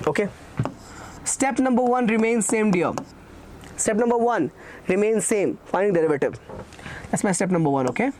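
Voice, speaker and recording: A teacher walks students through the method for an exam-prep lecture. The voice sits at a middle pitch, with key terms said twice and questions put to the class and answered straight away. There is a faint noise behind the voice. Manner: repeats key phrases, asks and answers own questions. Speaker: math teacher.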